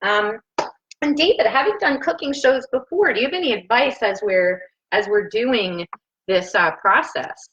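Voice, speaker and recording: A woman's voice: fairly high pitch, animated, normal speed, fairly bright tone, muffled recording, slight background noise. A woman hosting a casual cooking show from her home kitchen, rambling and laughing often as she cooks, recorded through a laptop microphone. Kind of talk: casual live cooking chat. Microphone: laptop mic.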